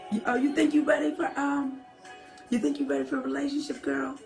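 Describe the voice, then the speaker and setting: A woman hosting a late-night livestream from home, chatting softly and reading viewer comments aloud. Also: high-pitched, flat delivery, fairly quick, creaky. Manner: chatty, talks to viewers as y'all, soft half-whispered. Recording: faint music behind the voice. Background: old-school music playing.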